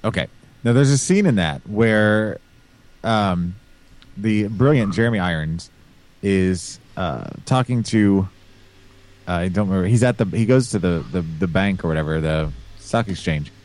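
Low-voiced rambling podcast host. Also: male voice, a little slow, a little mellow. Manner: rambling, hesitant, with many fillers. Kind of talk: casual chat.

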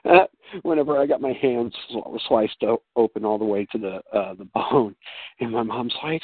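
A man, a guest on a casual talk show, telling animated stories and jumping high in pitch for quoted voices. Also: moderate pace, no echo. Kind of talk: casual chat. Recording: tinny phone-like sound.

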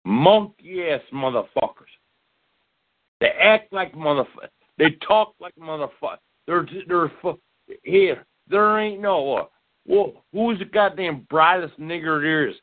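Brief: man caller, fairly high voice, stumbling, profane rant, thin phone-line sound. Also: animated, unhurried, no room sound.

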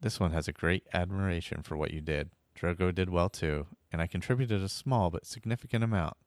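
A man's voice: deep voice, a little fast, dry recording, clean studio sound. A man voicing a chatty cat-folk companion. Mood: cheerful. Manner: speaks of himself as "this one". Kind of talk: fan fiction audio story.

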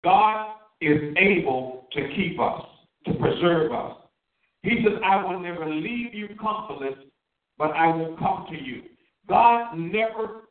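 A man's voice: high voice, roomy sound, far from the mic, narrow, tinny audio. A man preaching a sermon, drawing out his key words and asking his listeners questions. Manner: emphatic, drawn-out stresses on key words.

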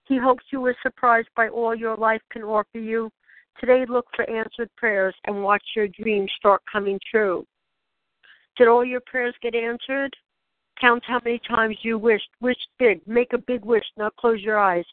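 Woman, channeled spiritual guidance, gentle questioning prompts, dry close sound, tinny phone-like audio. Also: fairly high pitch, steady tone, normal speed, no room sound. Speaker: spiritual guide.

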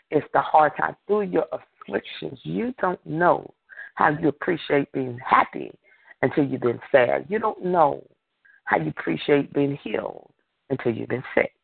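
Preacher man on a prayer line, fervent and repetitive, gravelly, tinny phone sound. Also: mid-range voice, moderate pace, dry recording. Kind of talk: sermon.

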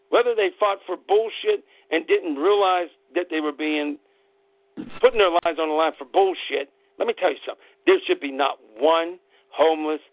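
A man's voice: fairly high pitch, no echo. A man hosting an internet radio show, delivering a fired-up, profane political rant in angry bursts. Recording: tinny phone-line audio, dry.

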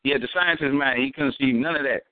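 A man telling stories in a casual chat, animated and profane, repeating words as he thinks. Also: mid-range voice, fast, dry recording. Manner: animated, acts out voices in his stories. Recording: tinny phone-like sound, dry.

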